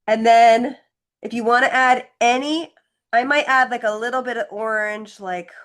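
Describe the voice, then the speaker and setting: A woman's voice: a little high, steady tone, moderate pace. A woman leading a live online painting class, talking through each step in a chatty, encouraging way as she demonstrates. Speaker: painting instructor.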